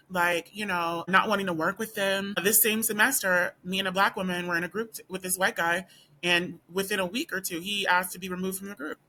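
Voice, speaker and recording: A woman talks straight to her camera in a casual vlog, her voice bright and edged with tension. She presses her point with rhetorical questions and keeps circling back through "like" and "you know." Her voice is not deep. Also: a little hiss or hum. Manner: emphatic, with rhetorical questions and repeated fillers. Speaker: student. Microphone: camera or phone facing speaker.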